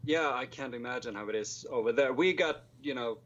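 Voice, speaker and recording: A man's voice: mid-range voice, fairly quick, lo-fi sound. A man in his twenties with a Swedish accent, a guest filmmaker chatting casually and self-deprecatingly, hesitant, with lots of fillers. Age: 20s. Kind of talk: casual chat.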